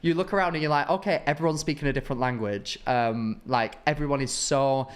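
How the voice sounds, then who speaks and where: A young man from northern England co-hosting a podcast, chatting in an animated, jokey way. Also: mid-range voice, fairly quick, clear, resonant tone. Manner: animated, jokey, slips into exaggerated mock voices. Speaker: podcast co-host. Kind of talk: casual chat.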